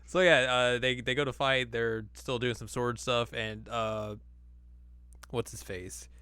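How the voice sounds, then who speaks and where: A man's voice: mid-range voice, steady tone, measured pace, bright, forceful tone, clean tone, dry recording. A man co-hosting a podcast, recapping an anime episode in casual, jokey chat. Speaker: podcast co-host.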